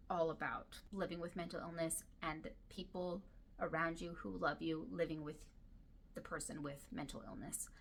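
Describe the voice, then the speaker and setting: A woman book vlogger talks casually to camera with a bright, crisp, forceful tone and a fairly low pitch. She gushes about favorites and now and then sinks into a soft whisper. Her throat sounds dry and irritated, with a faint hiss of noise behind her. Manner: chatty and gushing, drops to soft whispers.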